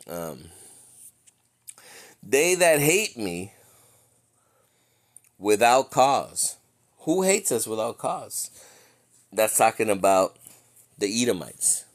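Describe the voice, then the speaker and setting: A man teaching scripture in an informal, conversational way, slowing down to read verses aloud and often checking in with his listeners. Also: fairly low pitch. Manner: conversational, checks in with "okay?" and "right?". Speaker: bible teacher.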